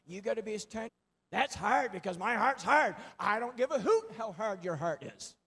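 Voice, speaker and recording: A man preaching a fervent sermon as a pastor, swinging from quiet asides to loud exclamations. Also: high-pitched, sing-song, moderate pace, husky.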